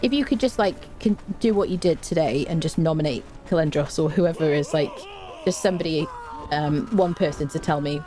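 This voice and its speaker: A woman's voice: low voice, fairly quick, dark tone. A woman live-streaming a game, chatting casually with her viewers and humming to herself between remarks. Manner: chatty, hums tunelessly between remarks, reads and answers chat. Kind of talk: casual live-stream chat while playing.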